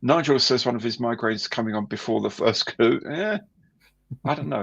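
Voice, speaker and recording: Gravelly-voiced man hosting a live stream. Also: mid-range voice, normal speed, highs cut off. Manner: chatty, greets viewers warmly by name. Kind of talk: casual live stream chat.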